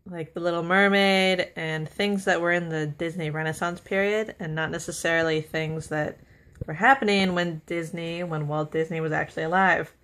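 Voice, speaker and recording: A woman's voice: lowish voice, a bit bright, smooth. A young woman vlogger chatting casually to the camera, gushing with enthusiasm, laughing often and stringing ideas together with lots of fillers. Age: young adult. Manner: chatty with many fillers and run-on sentences.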